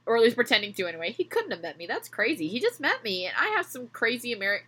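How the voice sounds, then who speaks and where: Young woman reading fanfic out loud on a podcast, bright voice, keeps stopping to crack jokes. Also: fairly high pitch, very animated, fast, husky. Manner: reads dramatically, breaks off to joke and laugh. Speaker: podcast host reading fan fiction aloud. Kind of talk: comedic reading with chat.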